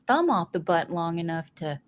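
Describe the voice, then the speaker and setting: A woman's voice: fairly low pitch, sing-song, normal speed, a little hiss or hum. A woman with a Southern US accent hosting a casual chat show, playful and laughing often. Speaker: podcast host.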